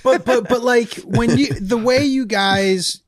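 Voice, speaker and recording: A man co-hosting a podcast, telling stories in casual, animated chat with swearing and bursts of laughter. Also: extremely high pitch, slow pace, dry recording. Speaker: podcast co-host.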